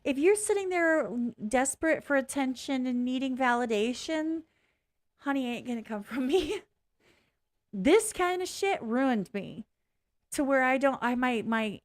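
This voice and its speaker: A woman vlogging casually in a blunt, candid way, swearing freely, rambling and restarting as she talks. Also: a little high. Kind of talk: casual reaction vlog.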